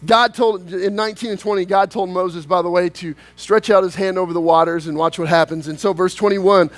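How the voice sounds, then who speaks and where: A man preaching a sermon as pastor, swinging from loud, animated outbursts to quiet, hushed lines. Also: high-pitched, fairly quick, dry recording.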